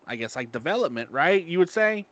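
A man's voice: a little high, sing-song, fairly quick, a bit bright, no echo, highs cut off, faint music behind. A man co-hosting a podcast, casual, laughing often and hesitating with fillers. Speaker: podcast co-host.

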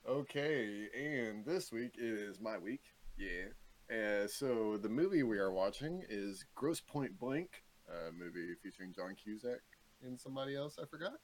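A man's voice: lowish voice, expressive, measured pace. Laid-back young man podcast host. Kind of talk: casual chat.

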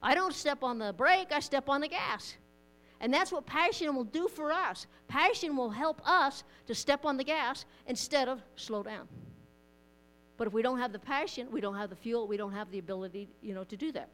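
A woman's voice: a little high, moderate pace, fairly bright tone. A woman pastor, preaching a conversational sermon in church, often repeating and restarting words.

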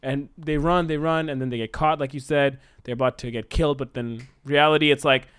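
A man brainstorming a story idea in casual conversation, acting out his characters' lines as he pitches them. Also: fairly quick, clean tone. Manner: animated, acts out characters' lines mid-pitch.

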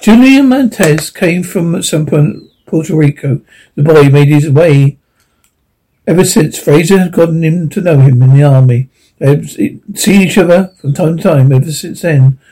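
Husky-voiced male audiobook narrator. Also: on the high side, a little slow, dark tone, poor audio.

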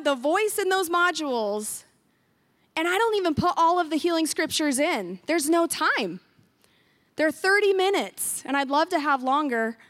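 High-voiced woman preaching emphatically. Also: a bit bright, dry recording. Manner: earnest, emphatic preaching with repeated phrases. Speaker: pastor. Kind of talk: sermon. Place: church sanctuary.

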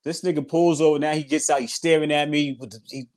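Man, fast talker, slightly high voice, casual storytelling. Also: steady tone, a little mellow. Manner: fast, conversational, quotes others. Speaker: guest, former prisoner.

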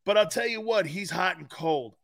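High, bright-voiced blunt male co-host. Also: moderate pace, vocal fry. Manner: blunt and profane, drops to a low rumble then barks out quoted coaches. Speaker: co-host, former football player. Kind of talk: casual sports talk.

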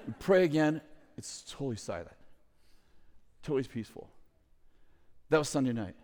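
Animated man telling a story in a hall. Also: mid-range voice, moderate pace. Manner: animated, loud bursts and acted quotes, chuckling asides. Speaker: ministry leader telling a story. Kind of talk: storytelling testimony to an audience. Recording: long hall reverb.

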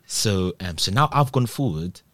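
Animated young man telling a story. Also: normal speed, dry recording. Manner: animated, acts out others' voices, shifts pitch high when excited. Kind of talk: casual storytelling chat.

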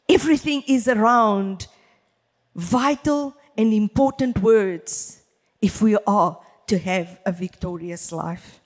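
Slow, emphatic woman preacher in a reverberant hall. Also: a little high. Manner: emphatic, deliberate, addresses the congregation directly. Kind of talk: church sermon. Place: church hall.

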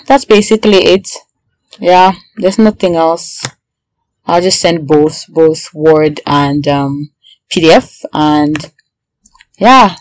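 A young adult woman, a PhD student and podcaster, talking in a casual video diary. She sounds anxious and excitable and often breaks into prayerful exclamations. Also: deep voice, low-quality recording.

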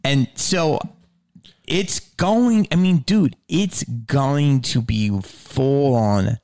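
A man hosting a podcast in casual chat, an animated storyteller who swears freely and sometimes drops to a low mutter. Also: extremely slow, dry recording, studio quality. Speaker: podcast host.

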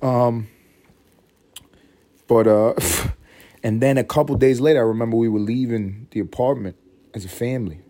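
A young man hosting a solo comedic podcast, rambling and profane, now and then jumping into shrill mock voices. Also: moderate pace, pauses often, warm tone. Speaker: podcast host.

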